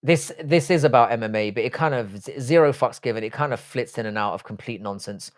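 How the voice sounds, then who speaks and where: Reading viewers' questions aloud on his livestream, this host from Cork, Ireland replies bluntly and with heavy profanity, drifting into jokes and side comments. He has a mid-range voice and a slightly fast delivery.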